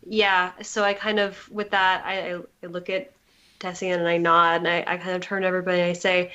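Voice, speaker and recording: A woman's voice: on the low side, level tone, a little fast, pushed and bright, clean tone, highs cut off. A woman playing a character in a tabletop game, speaking hesitantly with many restarts as she describes her character's actions. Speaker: player.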